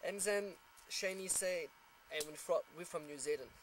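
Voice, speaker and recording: A man's voice: high voice, normal speed, slight background noise. A man from France with a French accent tells a casual anecdote in English, laughing often and acting out the people he quotes. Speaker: storyteller.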